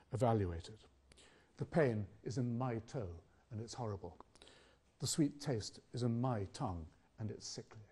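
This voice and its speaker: Speaking with a dark, slightly breathy mid-range voice, this older Englishman gives a public academic talk. He proceeds in a measured, inquiring manner and lets rhetorical pauses hang.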